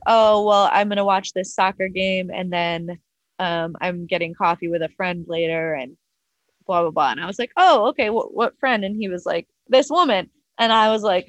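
A woman's voice: mid-range voice, dry recording. A young adult woman telling a personal story as a podcast guest, chatty, full of "like" and casual swearing, acting out both sides of a past conversation. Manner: chatty, heavy use of "like", swears freely.

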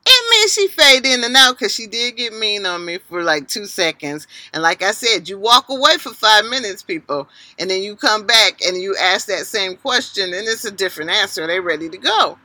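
A middle-aged woman co-hosting a casual podcast, an animated storyteller who swings between loud and soft. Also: medium pitch, moderate pace, few pauses, no echo. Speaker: podcast co-host.

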